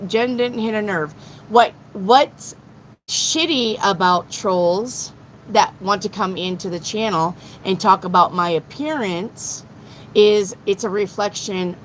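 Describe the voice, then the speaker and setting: A middle-aged woman reading tarot on a live stream, blunt and excitable, swearing freely as she talks to her chat. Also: medium pitch, slight background noise, rough recording. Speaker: tarot reader.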